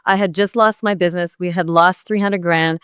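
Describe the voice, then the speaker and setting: A woman's voice: on the low side, fairly even intonation, normal speed, a bit bright, smooth, no room sound, studio quality. A middle-aged woman from Canada, a golf pro and podcast guest, telling a story bluntly and with energy. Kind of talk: casual interview chat.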